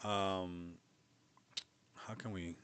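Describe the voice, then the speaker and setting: A man's voice: low-pitched, fairly even intonation, extremely slow, a bit bright, smooth, no echo. A young man hosting a livestream, talking in a loose, rambling way, mocking and laughing often. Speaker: livestream host. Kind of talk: casual livestream chat.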